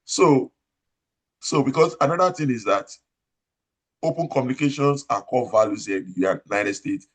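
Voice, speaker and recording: A man with a Nigerian accent, an operating room nurse manager, is interviewed giving advice in a loud, emphatic manner, repeating his points and asking rhetorical questions. His mid-range voice has lively intonation at normal speed, and he pauses often.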